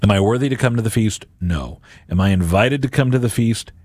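A man's voice: lowish voice, a little fast, dry recording. A man hosting a Catholic radio and podcast show, giving a homily-like reflection and acting out imagined voices. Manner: animated, acts out imagined voices.

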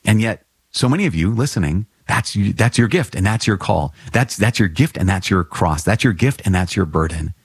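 A low-voiced man, a priest, gives an earnest spoken teaching and comes back to his phrases for emphasis. His voice is slightly husky. The recording is close and dry. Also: expressive, moderate pace, no echo. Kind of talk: podcast teaching.

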